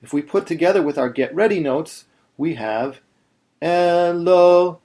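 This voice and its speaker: A man teaching Torah chanting in a video lesson, explaining step by step and chanting slow demonstrations. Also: fairly high pitch, expressive, a little mellow.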